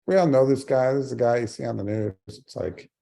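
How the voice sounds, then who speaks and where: A man's voice: mid-range voice, brisk, creaky, warm tone. A man in his forties giving a speech, telling a personal story with earnest humor. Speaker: keynote speaker.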